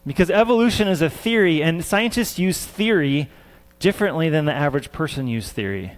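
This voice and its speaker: A man's voice: on the high side, lively intonation, a little fast. A man preaching a sermon as a scientist, earnest and repeating words for emphasis.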